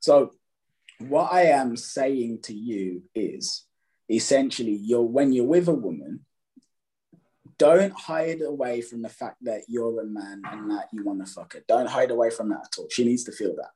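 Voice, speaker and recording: Husky-voiced man giving dating advice. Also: mid-range voice, expressive, unhurried, mellow, rough recording. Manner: emphatic, repeats and restarts, acts out examples. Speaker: dating coach guest. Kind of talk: casual advice chat.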